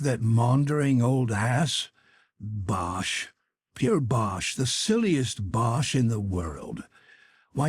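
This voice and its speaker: A man's voice: on the low side, a little mellow, husky, no echo, heavily acted. A man voicing a brash, scoffing grown man who blusters and mocks, in an audiobook reading. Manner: blustering, mocking.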